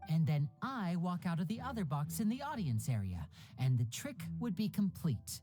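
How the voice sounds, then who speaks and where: A suave stage magician lays out his secrets with smooth showmanship, his voice low and mellow yet lively. Faint game music plays behind. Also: normal speed. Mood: explaining. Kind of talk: video game voice acting.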